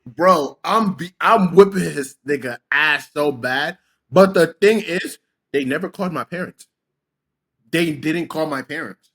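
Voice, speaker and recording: Animated young New man telling stories. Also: a little high, unhurried, husky. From Senegal. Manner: animated storyteller, acts out his own quotes. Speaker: podcast co-host. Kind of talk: casual chat.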